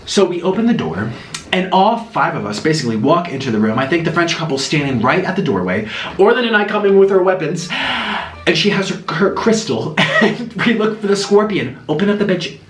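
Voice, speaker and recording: Animated, high-voiced young male storyteller. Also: brisk, roomy sound, a little hiss or hum, poor audio. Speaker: vlogger. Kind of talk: storytime while eating.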